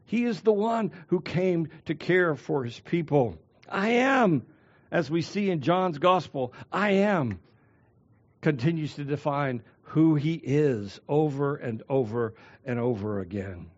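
A man preaching a sermon as a pastor, swinging between loud declarations and hushed, drawn-out phrases. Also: on the high side, animated, lo-fi sound.

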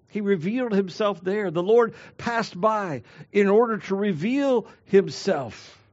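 Slow, high-voiced preacher, dramatic hushes. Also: male voice, lo-fi sound. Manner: dramatic swings from loud to hushed. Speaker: pastor. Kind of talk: sermon.

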